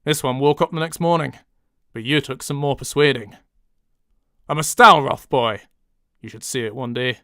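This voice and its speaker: A man voicing a gallant male centaur with a low, warm voice and a light Northern English accent, swallowing some consonants. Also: normal speed, no room sound, clean studio sound. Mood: gallant, friendly. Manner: dropped consonants, low and easygoing.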